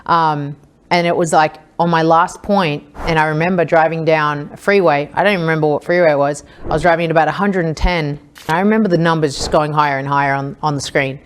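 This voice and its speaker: A woman's voice: low voice, fairly even intonation, fast, slight background noise. A woman with an Australian accent, a podcast guest earnestly telling the story of her hardest times. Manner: earnest, reflective, recounting hard times. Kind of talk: candid personal storytelling.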